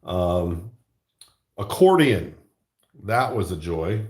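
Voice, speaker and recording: An art channel host, a middle-aged man, chats casually while working on a craft project, rambling and joking at his own expense. His deep voice swings widely in pitch, very slow and a little mellow, in an echoey room.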